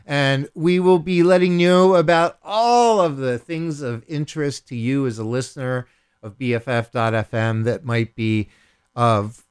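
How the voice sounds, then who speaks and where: A man's voice: medium pitch, normal speed, clean tone. A man hosting a radio show, making a playful, rambling on-air appeal for donations with jokes and wordplay. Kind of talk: casual on-air donation pitch. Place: radio studio.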